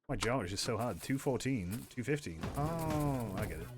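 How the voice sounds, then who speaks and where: A man's voice: medium pitch, animated, moderate pace, few pauses, over music. A man streaming a game, rambling and joking, swearing a lot and mumbling asides. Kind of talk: casual gameplay commentary.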